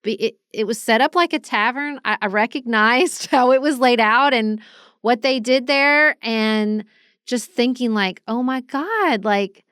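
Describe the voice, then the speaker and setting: A woman's voice: on the high side, a little slow, fairly bright tone, clean tone, no echo, clean studio sound. A woman, co-hosting a podcast and chatting in a casual way, telling travel stories and acting out the people she met. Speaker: podcast co-host. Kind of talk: casual chat.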